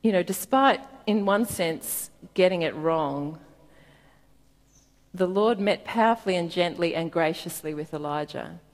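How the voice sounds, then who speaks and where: Woman preacher, gentle and reflective, soft low-pitched voice, long hall reverb. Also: a little slow. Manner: gentle, reflective, laughs softly at times. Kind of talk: sermon with Bible reading.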